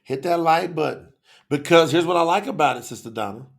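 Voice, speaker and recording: This livestream host has a fairly high, creaky voice and an animated, brisk delivery. Running an online telethon, he speaks straight to viewers with passion and loose, slangy casualness.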